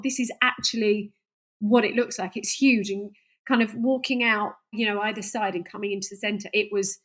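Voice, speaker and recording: A woman, a singer guest on a podcast, chatting casually and laughing often as she tells stories. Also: mid-range voice. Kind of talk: casual interview chat.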